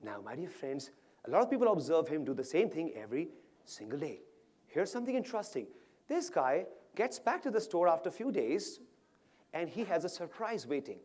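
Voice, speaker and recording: A man giving an energetic motivational speech to an audience at an awards event, often asking the crowd questions. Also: on the high side, a little fast. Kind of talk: animated stage speech to an audience. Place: large event hall with live audience.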